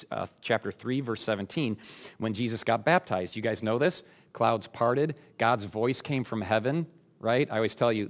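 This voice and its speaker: A male pastor preaching a sermon in a conversational, emphatic way, with wry asides to his congregation. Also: on the low side. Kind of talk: expository sermon.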